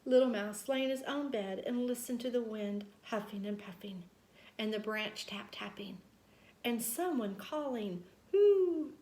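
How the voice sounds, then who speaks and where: A woman reading a children's story aloud, gentle and expressive. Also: a little high. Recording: roomy echo.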